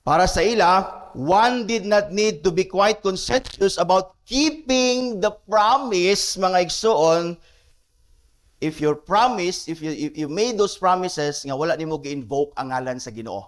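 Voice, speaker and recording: A man's voice: sits high, measured pace. A man with a Cebuano Filipino accent preaching a sermon as pastor, mixing English and Cebuano and repeating key phrases for emphasis.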